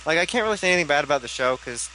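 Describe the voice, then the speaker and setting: A man's voice: a little high, lively intonation, rapid-fire, sharp tone, slight background noise, poor audio. A man co-hosting a casual podcast chat, making jokey, crude banter. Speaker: podcast co-host.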